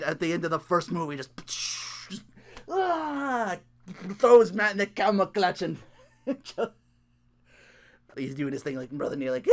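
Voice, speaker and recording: A young man with a lively, bouncing voice recaps a wrestling match on his own show. His tone is bright and forceful, and he rambles, swears freely, laughs often and trails off mid-sentence. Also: extremely high pitch. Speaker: wrestling reaction vlogger. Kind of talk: excited casual recap.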